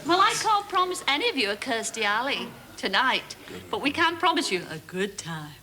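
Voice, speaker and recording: A woman hosting a TV game show in a studio, teasing and joking with the contestants in lively banter. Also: a little high, normal speed. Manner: teasing, jokey, chatty. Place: TV studio with live audience. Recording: hissy old VHS TV recording. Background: loud studio audience.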